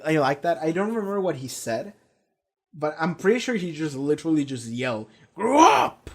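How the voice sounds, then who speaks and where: Young male reaction host: loose, profane, rambling chatter, slightly high pitch. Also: darkish tone. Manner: rambling and profane, acts out quotes. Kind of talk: casual spoken review.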